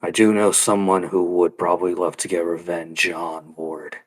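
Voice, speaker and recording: A man's voice: low voice, flat delivery, moderate pace. A man playing in a tabletop game, joking around and swearing freely. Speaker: player. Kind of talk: casual tabletop game chat.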